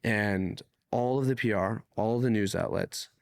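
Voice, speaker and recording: A man from Canada, a guest on an interview podcast, telling stories in a casual, animated way. He swears freely and acts out the people in his stories. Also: lowish voice, normal speed, creaky, no room sound. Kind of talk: casual conversational storytelling.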